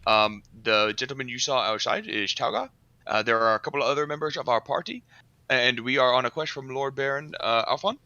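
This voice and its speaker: A man's voice: medium pitch, animated, brisk, bright, forceful tone, dry recording, muffled recording. A man playing his character in a tabletop game, speaking in a courtly, theatrical manner. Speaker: player.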